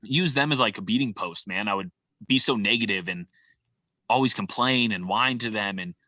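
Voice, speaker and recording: Speaking at normal speed in a dry recording, this podcast guest from California has a fairly low voice that sounds pushed and bright. His casual conversation is loose and heartfelt, full of "like" and "man."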